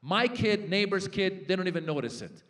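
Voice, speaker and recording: High-voiced, animated stand-up comic man. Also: normal speed. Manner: animated, jumps into impressions and shouted punchlines. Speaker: stand-up comedian. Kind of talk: stand-up comedy set. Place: large festival stage before a live audience.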